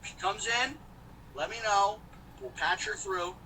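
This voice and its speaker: Bright, joking man streaming from his car. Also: high-pitched, measured pace, far from the mic, slight background noise, low-quality recording. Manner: joking, rambling, talks to viewers. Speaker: host of a live stream. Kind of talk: casual live-stream chat while driving. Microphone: phone.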